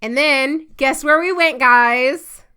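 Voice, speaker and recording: Woman co-host, chatty storyteller, bright tone. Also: sits high, slow. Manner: chatty storyteller, laughs often. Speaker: podcast co-host. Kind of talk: casual chat.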